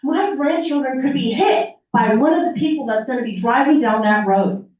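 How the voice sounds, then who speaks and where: A woman's voice: high-pitched, expressive, normal speed. An older woman making an upset, emphatic public comment at a city meeting, pleading with the officials. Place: city council chamber. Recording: echoey room mic, heard from far off, dull.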